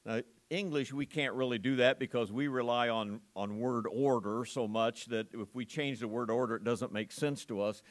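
Pastor guy giving a sermon, mid-pitched voice, punchy and emphatic, keeps asking the room questions. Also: steady tone, moderate pace, few pauses. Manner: emphatic, asks the congregation rhetorical questions. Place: church service.

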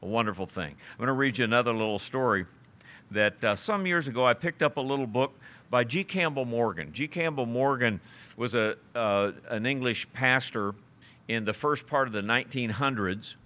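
Male pastor, bright voice, casual preaching style with scripture readings. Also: medium pitch, normal speed. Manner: conversational preaching, reads scripture aloud, chuckles. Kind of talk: sermon.

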